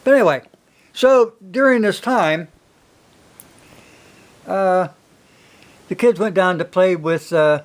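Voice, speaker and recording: Older man, high-pitched, casual folksy storyteller, rambling delivery. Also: slow, pauses often. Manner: rambling, folksy, many fillers. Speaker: single father telling stories.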